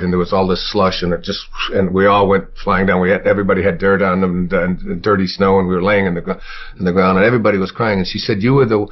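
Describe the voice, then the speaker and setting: An older man with a husky voice, telling childhood stories in an interview, rambling with fillers and restarts. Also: low voice. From United States. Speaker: interview guest. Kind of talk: reflective storytelling interview. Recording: dull lo-fi recording.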